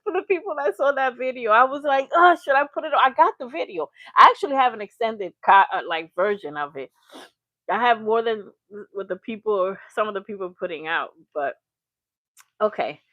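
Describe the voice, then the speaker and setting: Animated woman hosting a live stream. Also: a little high, normal speed, dry recording, muffled recording. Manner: animated, emphatic, shouting out viewers. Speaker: livestream host. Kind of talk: live reaction stream chat.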